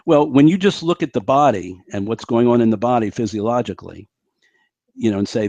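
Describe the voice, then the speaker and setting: Older male doctor guest, chatty and lively, dry recording. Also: medium pitch, a little fast, no room sound. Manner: animated storytelling with restarts. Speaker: physician guest. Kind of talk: interview conversation.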